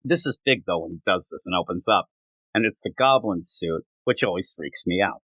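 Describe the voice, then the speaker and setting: A man's voice: low-pitched, expressive, fairly bright tone, dry recording. Rambling man discussing comics, dry sound. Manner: rambling, acts out comic dialogue in quick voices. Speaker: podcast host. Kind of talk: casual comic book discussion.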